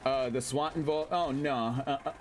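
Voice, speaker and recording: A man casually commentating his gameplay on a stream, excitable, swearing, laughing and reading chat aloud. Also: mid-range voice, normal speed, slight background noise.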